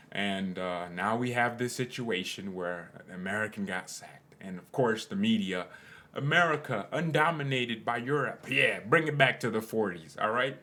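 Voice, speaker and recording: A young man hosts a fan channel in loose, casual football commentary. His voice sits fairly low, and he rambles, jokes and corrects himself as he goes. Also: a bit bright. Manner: rambling, self-correcting, jokey.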